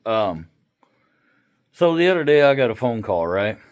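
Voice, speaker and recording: A middle-aged man with a voice of ordinary pitch tells a story in a loose, chatty way. He is irreverent and swears freely, and he turns animated when he acts out other people. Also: normal speed, clear, resonant tone. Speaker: vlogger. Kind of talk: casual storytelling to camera.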